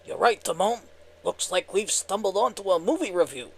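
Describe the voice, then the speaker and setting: A man's voice: high-pitched, animated, moderate pace, creaky, a little mellow, pitched above the performer's own voice, heavily acted. A simple, good-hearted warthog, as a man puts him on for a comic skit. His voice sits raised and light, with an easygoing, agreeable manner. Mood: friendly. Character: good-natured male warthog, simple and friendly.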